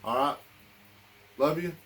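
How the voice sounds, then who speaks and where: Man, angry, repetitive, profane, high-pitched, vlog rant to camera. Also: takes it slowly, fairly bright tone, slight background noise. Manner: heated, repetitive, blunt and profane. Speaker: vlogger.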